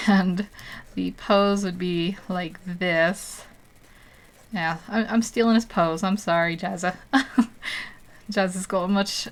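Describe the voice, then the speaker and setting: A woman's voice: medium pitch, a bit bright. A young adult woman on a live stream, chatting casually and thinking aloud as she draws, laughing often. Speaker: digital artist streaming. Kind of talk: live-stream chat while drawing.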